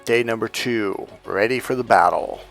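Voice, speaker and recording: A man's voice: on the low side, moderate pace, vocal fry, fairly bright tone, faint music behind. A man and dating coach telling a casual anecdote in a rambling, profane way, with many restarts.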